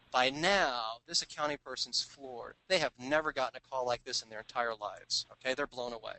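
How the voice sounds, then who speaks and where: A man, the author of a sales book, telling stories of his sales tricks in a lively way and acting out phone calls in put-on voices. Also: mid-range voice, moderate pace, rough recording. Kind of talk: storytelling business talk.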